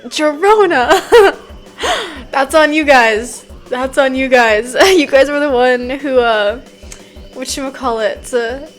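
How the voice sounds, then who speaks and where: Woman streamer, high voice, unhurried and drawn-out, laughs a lot while chatting. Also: soft background music. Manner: giggly, laughs often between sentences; chatty, drawn-out, loose with fillers. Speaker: streamer greeting chat. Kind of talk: casual stream chat.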